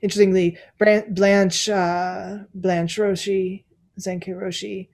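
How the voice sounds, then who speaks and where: A woman's voice: medium pitch, little pitch movement, slow pace, gravelly, a little mellow. A woman Zen teacher giving a dharma talk, reflective and laughing often between thoughts.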